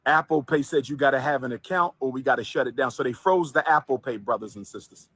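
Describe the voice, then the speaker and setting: A man's voice: medium pitch, fast, fairly bright tone. A man in a played livestream clip making a repetitive and insistent appeal for donations.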